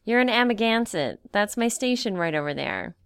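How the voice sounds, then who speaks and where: Earnest young patrolman read by a woman, lively smooth voice, dry sound. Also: mid-range voice, moderate pace, no echo. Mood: wary. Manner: plain reading in her own voice. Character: young male Coast Guard patrolman, earnest.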